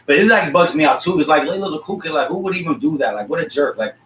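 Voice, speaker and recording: A man and father co-hosting a casual talk show, thinking out loud in a relaxed and reflective way about parenting. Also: fairly high pitch, quick pace. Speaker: podcast co-host, father. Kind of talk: casual chat. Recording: roomy, distant mic with faint noise.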